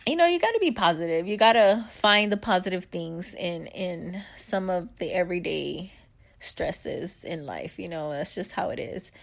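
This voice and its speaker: A middle-aged woman with a creaky, mid-range voice shares life advice in a candid, chatty vlog. Upbeat after a bike ride, she laughs often and tosses in slangy asides in this casual motivational chat.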